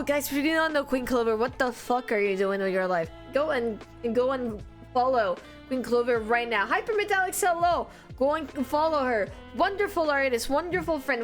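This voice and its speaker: A woman streamer, chatting casually with viewers and greeting them with excited squeals. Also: normal speed, faint music behind. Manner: bubbly, greets chat with high excited squeals. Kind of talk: casual live-stream chat.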